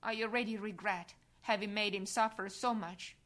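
A woman voicing a Roman governor who proclaims loudly to a crowd. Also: mid-range voice, steady tone, moderate pace, natural voice. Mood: proclaiming. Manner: loud, declaiming.

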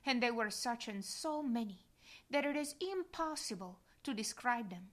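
A woman reading aloud a devotional diary in a solemn, measured manner. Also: fairly high pitch, animated. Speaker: reader.

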